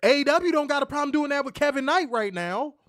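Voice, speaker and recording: This is a man with a strikingly high voice, co-hosting a casual podcast. He rants in a profane, exasperated way. The sound is dry and close, with no room echo. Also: expressive, fast, a bit bright. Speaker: co-host of wrestling review show.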